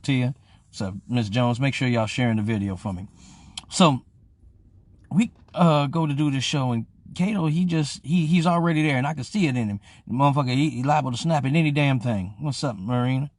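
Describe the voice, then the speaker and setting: A young man with a medium-pitched voice, heard with no room sound, hosts a live stream and tells a casual story full of profanity. He's animated, does each character's voice, and greets viewers as he goes.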